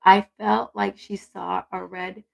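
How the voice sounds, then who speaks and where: A woman's voice: medium pitch, little pitch movement, takes it slowly, creaky, poor audio. A woman hosting a casual live stream on intuition, chatty and encouraging as she reads viewer comments aloud.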